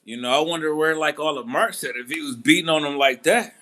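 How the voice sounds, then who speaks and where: Bright-voiced man telling a story casually. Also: on the high side, fast. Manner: animated storytelling, acting out quotes; laid-back, laughing. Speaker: boxing channel host. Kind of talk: casual commentary.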